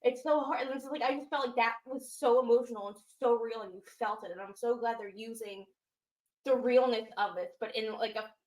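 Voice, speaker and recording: A woman's voice: a little high, brisk, darkish tone, roomy sound, low-quality recording. A woman co-hosting a casual wrestling recap, retelling a segment with a lot of emotion and plenty of fillers. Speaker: podcast co-host.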